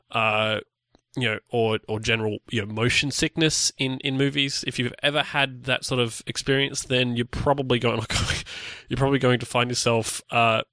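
Bright-voiced man rambling on a podcast. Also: medium pitch, no room sound, clean studio sound. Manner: rambling, lots of restarts and fillers. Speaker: podcast co-host. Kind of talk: casual podcast chat.

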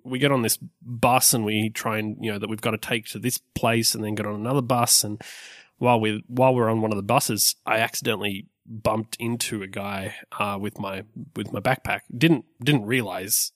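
A man from Australia in casual conversation, talking haltingly and repeating words as he finds his point. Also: lowish voice, steady tone, a bit bright, no echo, clean studio sound. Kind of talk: casual travel chat.

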